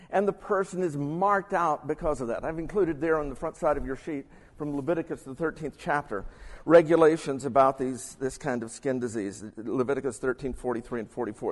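A man giving a sermon-style Bible lesson, reading scripture aloud and adding his own asides. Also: fairly high pitch. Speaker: pastor or Bible teacher. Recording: long hall reverb.

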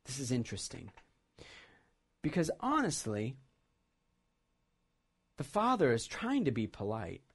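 A man's voice: mid-range voice, wildly swooping pitch, unhurried, long pauses, husky. A male pastor preaching a sermon, retelling a scripture passage as a story and reflecting on what it means.

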